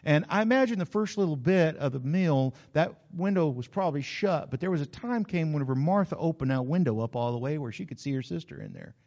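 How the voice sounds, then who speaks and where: A man delivers a folksy, animated sermon in a church hall, putting questions to the congregation, and the sound is dull. His voice is a little high and a little fast, with hardly any pauses.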